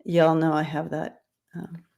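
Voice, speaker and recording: Low, monotone and mellow, this woman's voice moves unhurriedly through a casual livestream tarot reading. She talks with viewers and laughs a lot, and her dyslexia makes her stumble over hard, long words, which she repeats to get them right.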